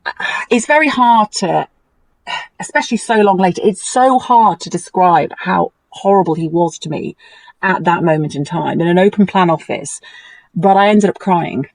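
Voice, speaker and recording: A woman, a guest, telling a personal story in a conversation, animated and emotional. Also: moderate pace, creaky. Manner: animated and emotional, lively pitch swings.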